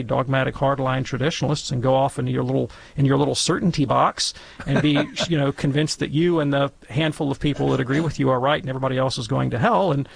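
A man's voice: mid-range voice, creaky, dry recording. A man speaking as a guest theologian on a call-in radio show, lecturing in an academic, wry way.

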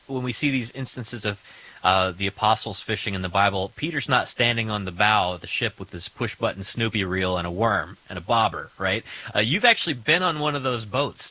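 A man hosting a radio talk show, asking his guest questions in a relaxed way full of fillers. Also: lowish voice, rough recording. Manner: relaxed, thinks aloud with fillers. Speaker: host. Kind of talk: conversational radio interview.

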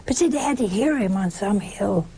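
A woman delivers a sermon in a gravelly, fry-edged voice. She keeps firing rhetorical questions at her listeners and acts out short exchanges as she goes. Faint background noise sits under the recording. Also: mid-range voice, animated, moderate pace, warm tone. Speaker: preacher.

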